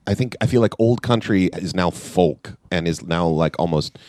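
A man's voice: low voice, moderate pace, a little mellow, no room sound, clean studio sound. A man in a casual podcast chat, thoughtful and hedging his opinions.

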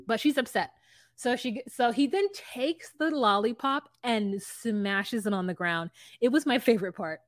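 A woman's voice: a little high, a little slow, dry recording, studio quality. Chatty woman recapping with acted-out dialogue. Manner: animated retelling, acting out both sides of a scene. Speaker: podcast co-host. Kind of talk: casual recap chat.

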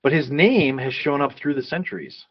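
A man's voice: mid-range voice, moderate pace, no echo, dull audio. A man co-hosting a casual movie podcast, sharing trivia from notes with frequent ums. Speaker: podcast co-host.

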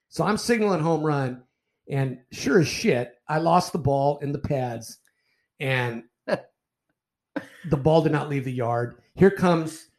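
A man's voice: on the high side, creaky. Profane older man telling umpire stories. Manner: profane, animated anecdotes with repeated restarts. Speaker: retired baseball umpire. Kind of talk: casual storytelling in a podcast interview.

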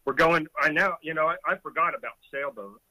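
The recording quality is low as a middle-aged ex-Coast Guard boatswain's mate, appearing as a guest, relives a rescue in vivid detail, chuckling as he goes. His voice is fast, on the high side, and sharp.

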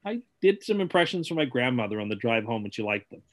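A man co-hosting a comedy podcast, talking deadpan and slipping into deliberately poor celebrity impressions. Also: mid-range voice. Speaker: podcast co-host. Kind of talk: comedic banter.

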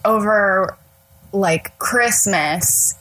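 A woman chatting about a movie on a podcast, talking lively and laughing often. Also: medium pitch, very slow, poor audio. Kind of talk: casual film discussion.

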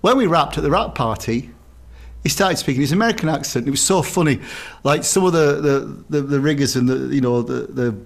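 A man's voice: fairly high pitch, fairly quick, vocal fry. A man co-hosting a casual chat, telling anecdotes animatedly and slipping into mimicked voices with frequent laughter. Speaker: co-host.

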